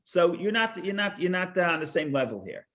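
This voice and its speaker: A man teaching a Torah class, halting, repeating words and restarting, and explaining with stories and jokes. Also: sits high, expressive, pushed and bright.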